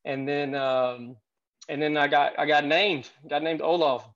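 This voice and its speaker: A man's voice: on the high side, steady tone, a little slow, fairly bright tone. Chatty thirties man, dull audio. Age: 30s. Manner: chatty, rambling, lots of fillers. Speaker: guest. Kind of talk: casual podcast storytelling.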